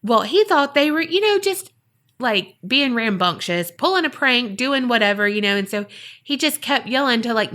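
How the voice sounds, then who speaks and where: Lively woman telling a spooky story. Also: fairly high pitch, moderate pace. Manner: lively, acts out quoted voices. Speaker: podcast host. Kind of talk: casual storytelling.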